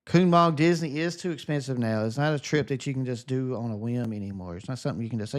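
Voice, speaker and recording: A man with a Southern US accent chats with his viewers while he plays. His voice is sunny and relaxing, sitting at an ordinary middle pitch, and he talks in an upbeat, friendly way. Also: expressive, moderate pace. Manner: upbeat, chatty, answers viewer comments. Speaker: gaming streamer. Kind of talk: casual live chat while gaming.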